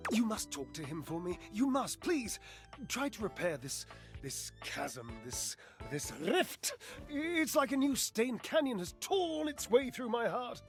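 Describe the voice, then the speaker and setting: A man's voice: very high voice, very animated, a little slow, music in the background, full character voice. An actor voicing a flamboyant, dramatic male object character in a dating game, with theatrical, swooping exasperation. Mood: dramatic, lovelorn. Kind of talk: video game voice acting.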